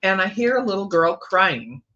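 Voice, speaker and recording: A woman's voice: medium pitch, sing-song, normal speed, a bit bright, lo-fi sound. A woman, a guest psychic on a livestream, telling a personal ghost story in a meandering way, with many fillers and restarts.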